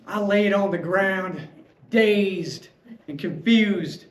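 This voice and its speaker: A man giving a prepared storytelling speech at a club meeting, animated and playful as he tells a tale. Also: sits high, very slow. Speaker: club speaker. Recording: echoey room, faint ambience.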